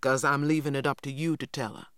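A man voicing a large, stern, quiet older farmhand who speaks slowly and low, as a storybook reader. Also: flat delivery, clean tone, no echo, studio quality, lightly acted. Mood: stern calm. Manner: slow, low and measured.

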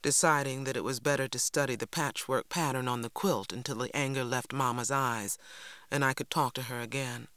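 A woman narrating an audiobook in a steady, measured storytelling voice on a close studio mic. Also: very deep voice, no echo. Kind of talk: scripted narration.

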